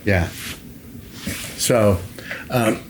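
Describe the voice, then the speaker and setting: An older man, a longtime school facilities director, telling stories in an interview at an unhurried pace with many fillers, acting out what people said. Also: fairly low pitch, a little hiss or hum. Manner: anecdotal, unhurried, many fillers and acted-out quotes. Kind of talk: interview storytelling.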